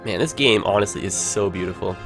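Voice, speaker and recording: A man's voice: fairly low pitch, a little fast, over music. A man with a Toronto Canadian accent, chatting casually over his gameplay as a livestreamer and filling his talk with "like" and "you know".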